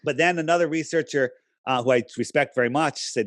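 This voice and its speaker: Guy on a podcast arguing hard, lots of "right?", mid pitch, dry close sound. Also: brisk, no room sound. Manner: emphatic, persuasive, argues with rhetorical questions. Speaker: podcast guest. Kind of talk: casual interview talk.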